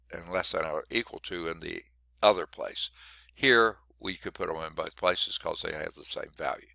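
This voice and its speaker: A man teaching a math class while congested and short of breath, clearing his throat often and adding wry asides. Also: low-pitched, sharp tone, dry recording. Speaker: math instructor. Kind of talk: classroom lecture.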